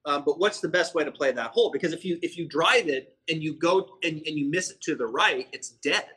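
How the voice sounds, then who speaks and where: Male golf podcast host; bright, tense voice with some rasp, relaxed conversational delivery. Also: a little high, brisk, rough recording. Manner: conversational, frequent fillers and self-corrections. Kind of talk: casual podcast chat.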